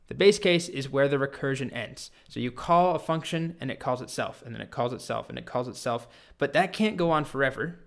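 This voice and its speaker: A young adult man teaching programming in a casual, playful and conversational way. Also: medium pitch. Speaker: programming instructor. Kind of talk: casual coding lesson with storytelling.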